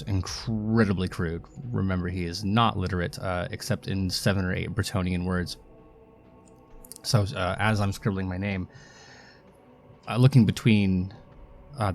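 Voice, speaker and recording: Man, tabletop player, lowish voice, hesitant, filler-heavy. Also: a little mellow. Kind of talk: tabletop roleplay.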